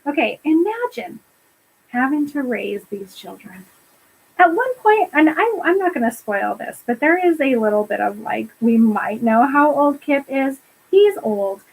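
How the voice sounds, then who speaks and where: A high-pitched woman co-host chatting casually about a film. She talks in an animated way and laughs often, dropping quick quotes from the characters. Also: gravelly, low-quality recording. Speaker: podcast co-host. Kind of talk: casual chat recapping a film.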